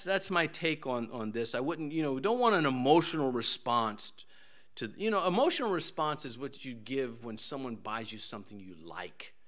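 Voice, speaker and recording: An older man preaching a casual, joking sermon in a church, with folksy asides and voices acted out in a high pitch. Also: a bit bright. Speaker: pastor.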